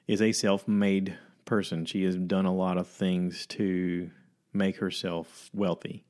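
A man telling a long story in a casual chat, animated and acting out the quoted voices. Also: low voice.

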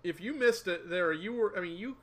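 A man co-hosting a casual sports podcast, chatty, with quick asides, often quoting himself. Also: sits high, fairly bright tone. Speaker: podcast co-host.

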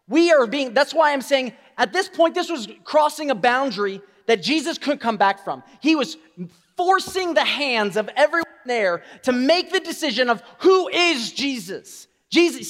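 A male pastor preaching a sermon, swinging from quiet asides to loud, emphatic declarations. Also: very high voice, lively intonation, moderate pace, in a large hall.

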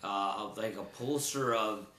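A man talks sports in a loose, casual way, full of fillers and restarts. His voice is bright and forceful, and the room around him rings with echo. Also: lowish voice, a little slow, slight background noise. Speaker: sports talk co-host. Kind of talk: casual chat. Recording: roomy echo.

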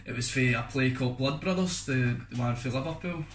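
A man's voice: mid-range voice, a little fast. A young Scottish man, co-hosting a podcast, telling a long rambling story in a loose, casual way. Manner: rambling, loose, fond of "do you know what I mean". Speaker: podcast co-host. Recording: echoey room with faint noise.

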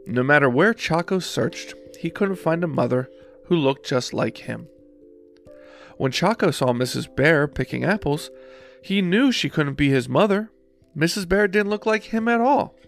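A man reads a children's picture book aloud in an expressive storytelling voice. His voice is on the high side, with lively swings in pitch and a gravelly texture, over soft guitar music. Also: measured pace. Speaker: host reading children's books.

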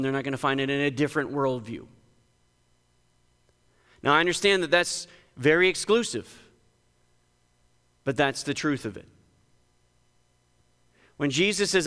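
Male pastor, smooth resonant voice, emphatic sermon delivery, long church reverb. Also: fairly bright tone. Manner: emphatic, conversational preaching with sudden lifts in pitch. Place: church sanctuary.

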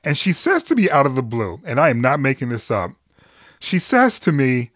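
A man's voice: mid-range voice, sing-song, moderate pace, fairly bright tone, dry recording. Frank, earnest middle-aged man, dry sound. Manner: frank, earnest, swears casually, laughs easily. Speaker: guest, journalist and podcaster. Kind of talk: candid conversational storytelling.

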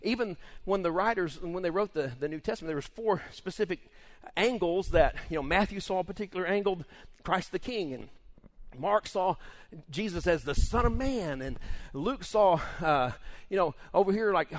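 A man preaching as a pastor, telling folksy stories in a rambling, animated way. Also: normal speed. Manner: rambling and folksy, lively pitch, many restarts. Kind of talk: sermon with folksy storytelling.

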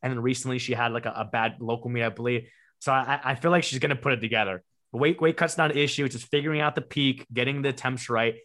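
A man's voice: medium pitch, steady tone, fast talker, fairly bright tone. A man on a casual sports panel, thinking aloud with lots of hedging fillers. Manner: thinking aloud with many "like"s and hedges. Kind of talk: casual chat.

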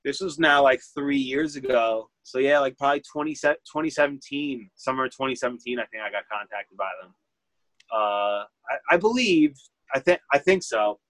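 A man's voice: mid-range voice, normal speed, a bit bright, no room sound, rough recording. A man, telling a story in a casual interview. He rambles and fills his speech with "like", acting out what people said. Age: 30s. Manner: rambling, heavy use of "like", acts out quotes. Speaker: vintage clothing store owner.

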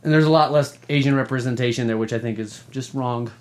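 This co-host of a gaming podcast talks fast in a mid-range voice, with slight background noise behind him. His stories come out casual and profane, animated and punctuated by frequent laughter.

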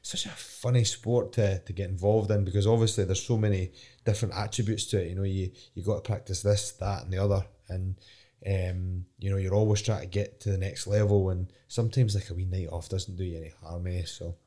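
Young Scottish fighter, lowish voice, frank and meandering in a sit-down interview. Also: male voice, steady tone, a little fast, dark tone. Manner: candid, rambling, swears casually. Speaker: professional fighter. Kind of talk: casual interview chat.

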